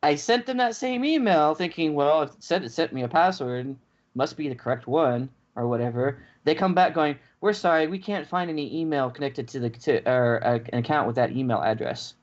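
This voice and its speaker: A man's voice: on the high side, lively intonation, a little fast. A man co-hosting a podcast, ranting in a casual chat and acting out both sides of the story. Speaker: podcast co-host. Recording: dull lo-fi podcast audio.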